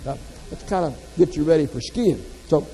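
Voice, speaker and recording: A man's voice: a little high, lively intonation, normal speed, warm tone, in a large hall, soft background music, poor audio. A man from the American South, giving a motivational keynote full of folksy, self-deprecating humor. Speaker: motivational speaker.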